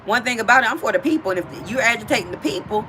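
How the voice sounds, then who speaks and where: A woman's voice: a little high, expressive, racing, background noise. A woman hosting a casual livestream from outdoors, chatting directly with her viewers. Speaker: livestream host.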